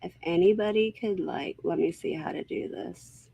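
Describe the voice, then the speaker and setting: A woman's voice: fairly low pitch, moderate pace, vocal fry, breathy edge, no room sound, lo-fi sound. A woman hosting a casual livestream, greeting viewers one by one and sounding a little unsure of herself. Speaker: livestream host.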